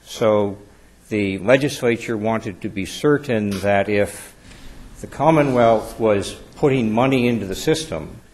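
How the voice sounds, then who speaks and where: Male attorney in court, low husky voice, measured and deferential. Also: darkish tone. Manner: measured and deferential, addresses the bench formally. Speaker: attorney arguing before an appeals court. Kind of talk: formal legal argument.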